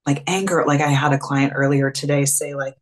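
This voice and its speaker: A woman's voice: a bass voice, steady tone, fairly quick. A woman coach talking casually as a webinar guest, full of fillers and acted-out quotes. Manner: chatty, filler-heavy, acts out quoted dialogue. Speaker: clarity and confidence coach.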